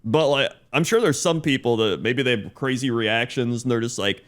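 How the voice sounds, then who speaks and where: A man's voice: medium pitch, normal speed, fairly bright tone. Rambling, chuckling male podcast storyteller. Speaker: podcast co-host. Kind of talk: casual chat.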